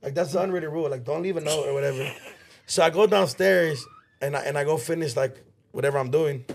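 A man, co-hosting a podcast and telling an animated, profane family story in casual chat. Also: a little high, fast, vocal fry, slight background noise. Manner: animated storyteller, swears a lot, slips into Spanish. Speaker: podcast co-host.

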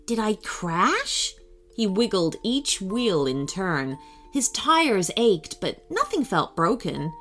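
A woman narrating a children's story with an expressive, animated reading. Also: medium pitch.

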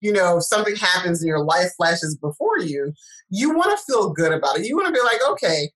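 A woman's voice: fairly low pitch, fairly quick, low-quality recording. A middle-aged woman, a guest speaker, chatting and telling stories, acting out the voices she quotes. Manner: animated storyteller, acts out quoted voices. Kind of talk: casual chat.

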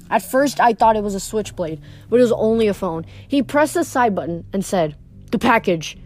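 A woman reading a novel aloud in steady first-person storytelling, with occasional stumbles and rereads. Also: medium pitch. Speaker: reader.

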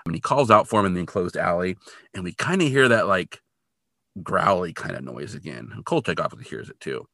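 A man's voice: low-pitched, a little fast, vocal fry, no echo, clean studio sound. A man co-hosting a podcast, casually recapping a TV episode and acting out quotes as he goes. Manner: animated retelling, acts out quotes. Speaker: podcast co-host.

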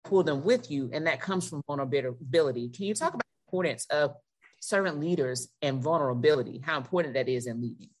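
A woman's voice: deep voice, animated, fast talker. A woman hosting an interview as a leadership coach, affirming and often checking in with "right?". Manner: affirming, asks with repeated "right?".

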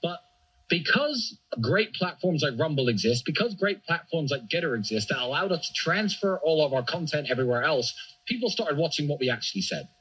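A man speaks as a podcast guest, his voice raspy and breathy and pitched a little high. His delivery is animated and emphatic, swinging widely in pitch, and he often restarts with repeated words. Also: fairly quick, low-quality recording. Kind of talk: animated conversational monologue.

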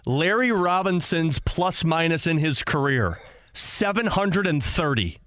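Brisk male sports radio host. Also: a little high, animated, fairly bright tone, dry recording, studio quality. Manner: brisk, reads stats and segment intros.

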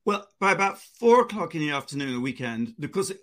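A man's voice: fairly high pitch, fast talker. A man co-hosting a casual chat show, telling a personal story and acting out the quotes. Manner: animated storyteller, acts out quotes. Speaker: co-host.

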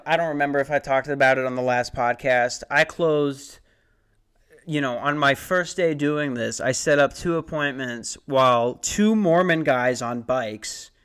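A man's voice: on the high side, a bit bright, clear, resonant tone. A young man hosting a podcast, telling a story in a rambling, profane, self-mocking way. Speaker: podcast host. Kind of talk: casual storytelling.

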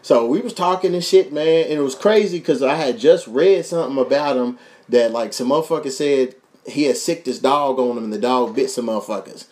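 A young man from Kentucky with a Kentucky accent, hosting a podcast and telling a profane, animated story with voices for the people in it. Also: medium pitch, a little fast. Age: young adult. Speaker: podcast host. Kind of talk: casual storytelling.

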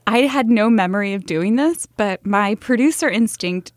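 A woman's voice: mid-range voice, normal speed, dry recording, studio quality. A woman hosting a podcast interview, talking in a candid, reflective way. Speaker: podcast host.

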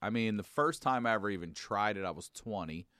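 A man's voice: lowish voice, animated, fairly quick, a bit bright, dry recording. A man in his forties, a stand-up comedian, telling rambling, profane stories in a casual studio chat. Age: 40s.

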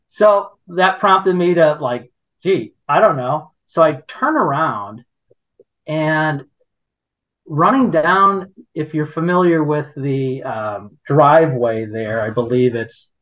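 A man's voice: fairly high pitch, slow pace. A middle-aged man telling a story on a podcast in a rambling, indignant way, with many restarts. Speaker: podcast guest. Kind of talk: casual conversational storytelling. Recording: dull lo-fi podcast audio.

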